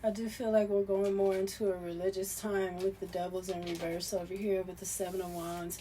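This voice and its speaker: A woman giving a loose, conversational tarot reading, swearing casually and swinging from soft murmurs to loud, emphatic bursts. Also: medium pitch, fairly even intonation, moderate pace, few pauses, a little hiss or hum. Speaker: tarot reader.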